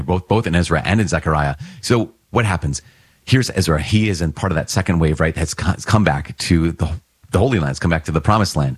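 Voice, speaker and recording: A man's voice: low-pitched, fairly quick, husky, no echo. A man giving a conversational sermon on scripture, often repeating words and rising to earnest emphasis. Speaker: priest.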